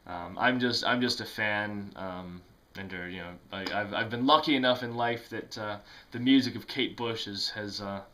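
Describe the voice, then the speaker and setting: A man's voice: on the low side, normal speed, pushed and bright. A man talking casually to camera about music he loves, rambling with lots of fillers, restarts and self-mocking asides. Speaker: music vlogger.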